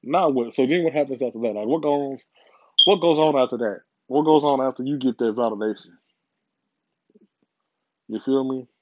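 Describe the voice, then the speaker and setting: A man's voice: mid-range voice, moderate pace, pauses often, highs cut off, background noise. A man giving a casual, rambling motivational monologue, profane and full of repeats.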